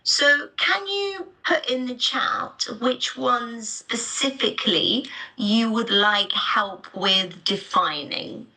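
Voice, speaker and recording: A woman leads a live online lesson, speaking slowly and deliberately. Her voice has a bright, crisp edge, and she spells out each point plainly for her students. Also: on the high side, low-quality recording. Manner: clear, deliberate explanatory delivery. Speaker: teacher. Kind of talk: live online teaching webinar.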